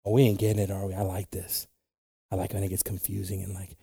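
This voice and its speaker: A man preaching a bilingual sermon with passion, dropping to hushed whispers and rising to shouts. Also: low voice, little pitch movement, fast, gravelly, breathy edge, dry recording.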